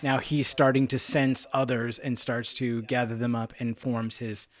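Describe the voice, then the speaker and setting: A man's voice: medium pitch, flat delivery, a little slow. A man co-hosting a casual podcast, giving rambling, opinionated takes. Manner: rambling and opinionated, lots of fillers and restarts. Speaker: podcast co-host.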